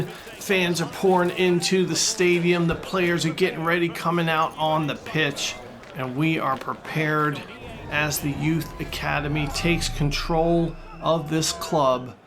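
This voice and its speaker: A fairly high-voiced man calls a video game football match like a mock broadcaster. He swings from calm play-by-play to excited shouting at shots and saves, tossing in jokes along the way. Faint game music plays underneath. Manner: mock sportscaster, excitable, jokey. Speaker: gaming YouTuber. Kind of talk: let's-play commentary.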